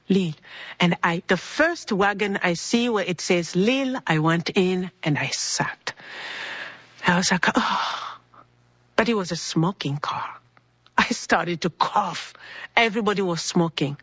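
A woman's voice: on the low side, husky, no room sound, muffled recording. A woman from Congo, telling a personal story and acting out dialogue in voices, in a cold building. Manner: animated, acts out dialogue in voices.

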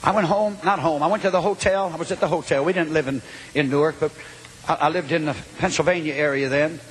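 An older man preaching a Pentecostal sermon, telling a story that swings from quiet asides to loud shouting. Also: a little high, fairly even intonation, fast, background noise.

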